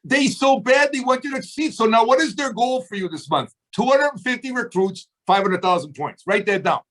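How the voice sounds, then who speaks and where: A man in his seventies speaks on a video call, his voice sitting high for a man. He delivers an emphatic, preachy pep talk, firing off rhetorical questions at his team. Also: lively intonation, brisk, fairly bright tone, rough recording. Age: 70s. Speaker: motivational speaker to a sales team. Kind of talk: fired-up motivational speech.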